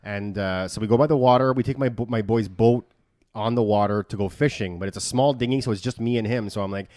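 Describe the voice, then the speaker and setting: A young man co-hosting a podcast, telling stories in a profane, animated casual chat. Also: lowish voice, fast talker. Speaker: podcast co-host.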